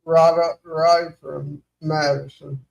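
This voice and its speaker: Man with a gravelly, rather high voice, playful sidekick co-host. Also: level tone, takes it slowly, lo-fi sound. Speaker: co-host of paranormal live stream. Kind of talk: casual live stream chat.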